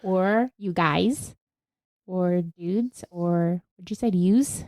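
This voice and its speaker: A woman's voice: fairly low pitch, extremely slow, a little mellow, no echo. Woman, podcast co-host, casual chat, thinks aloud, laughs easily, dry.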